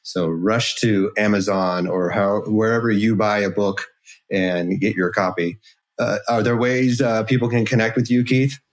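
A man co-hosting a podcast, wrapping up the conversation in a relaxed, slightly hesitant way. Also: on the low side, unhurried. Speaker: podcast co-host. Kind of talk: casual conversational interview.

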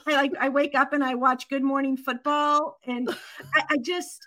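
A woman co-hosting a podcast, telling a personal story in candid, animated conversation, from Michigan. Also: high voice. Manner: earnest, animated storytelling with quick asides. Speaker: podcast co-host.

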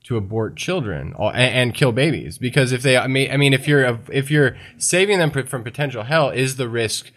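A man co-hosting a live podcast, reasoning aloud in halting, restarted phrases. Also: medium pitch, lively intonation, a bit bright. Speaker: podcast co-host.

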